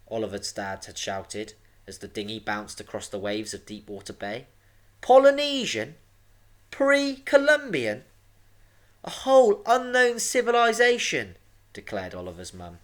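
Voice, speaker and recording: A man, a teacher, reading a storybook aloud to young pupils with a dramatic, expressive delivery. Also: on the low side. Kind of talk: storybook read-aloud for children.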